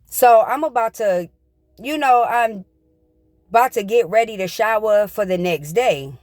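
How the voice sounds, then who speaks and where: A woman's voice: mid-range voice, unhurried, darkish tone, no echo, clean studio sound. A middle-aged woman vlogger telling her viewers a personal story in plain, repetitive, casual everyday speech.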